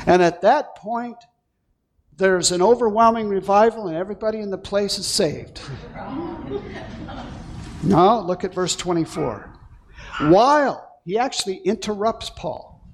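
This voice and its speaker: Excited pastor guy preaching, high voice, takes his time, little asides to folks. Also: a little slow, long pauses, slight background noise. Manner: animated and excited; playful asides to the congregation. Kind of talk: sermon.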